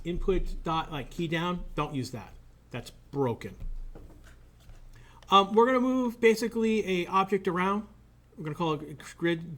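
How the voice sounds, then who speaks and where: A man teaching a college game development class, explaining in an informal way, thinking aloud and often repeating himself as he works through each point. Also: fairly high pitch. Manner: blunt about tools he dislikes. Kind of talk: recorded classroom lecture.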